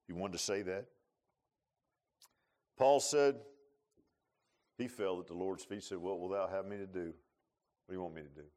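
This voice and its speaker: A male pastor preaching a sermon, repeating himself and swinging from quiet, confiding lines to loud, fervent peaks. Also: deep voice, fairly even intonation, fast talker. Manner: repeats words and restarts, folksy asides.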